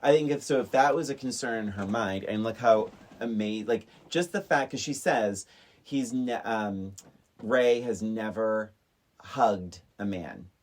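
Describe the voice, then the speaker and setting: A woman co-hosting a casual movie podcast, easygoing and hesitant, with lots of fillers and quick agreement. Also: rumbling low, darkish tone. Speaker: podcast co-host.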